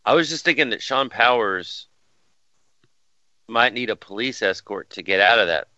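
Wisecracking co-host, low and crisp. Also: male voice, expressive, moderate pace, pushed and bright, no room sound, lo-fi sound. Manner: dry wisecracking asides. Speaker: podcast co-host. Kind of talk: casual chat.

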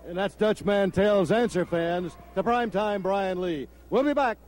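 A man's voice: sits high, normal speed, a little mellow, a little hiss or hum. A man hosting a wrestling TV show, introducing guests and segments in an upbeat promotional voice. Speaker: wrestling TV host. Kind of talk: TV wrestling announcing.

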